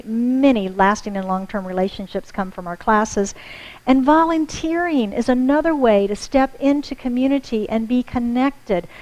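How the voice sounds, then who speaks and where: A woman's voice: a little high, low-quality recording. A woman minister with an American accent, preaching a sermon to her congregation in a friendly, conversational way. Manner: warm conversational preaching with audience asides. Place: church sanctuary.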